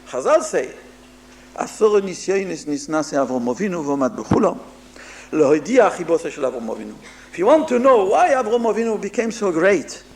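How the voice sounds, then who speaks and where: A man, a rabbi, giving a moral sermon in English mixed with Hebrew terms, pausing and repeating words as he goes. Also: high voice, gravelly, darkish tone. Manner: halting, repeats words, mixes Hebrew terms into English, asks listeners "understand?". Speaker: rabbi giving a Musar talk.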